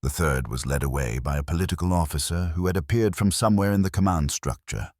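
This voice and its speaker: A man narrating a scripted story in a slow, solemn, measured way. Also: sits low, darkish tone, no echo, clean studio sound.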